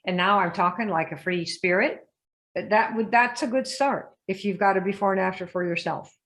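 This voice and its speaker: A woman's voice: mid-range voice, normal speed, a bit bright. Emphatic woman coaching a group. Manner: emphatic, asks the audience questions, acts out quoted voices. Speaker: business coach. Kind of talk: coaching talk to a live chat group.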